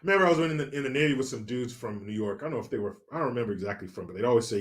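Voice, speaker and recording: A man's voice: mid-range voice, lively intonation, very fast, hardly any pauses. A man from California hosting a casual livestream, reading out viewer comments in a joking, chatty, profane way and laughing along. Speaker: livestream host.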